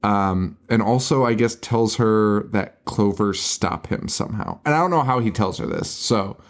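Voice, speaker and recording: A man's voice: lowish voice, animated, moderate pace. A man co-hosting a horror movie podcast, recapping scenes in casual chat, laughing often and swearing. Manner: laughing often, swearing, mock-quoting characters. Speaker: podcast co-host.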